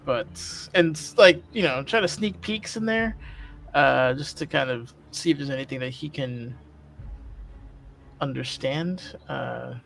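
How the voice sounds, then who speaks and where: A man's voice: medium pitch, a little slow, vocal fry, fairly bright tone. A man playing in a tabletop game, joking and rambling with hesitant fillers. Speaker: player. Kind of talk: casual tabletop play.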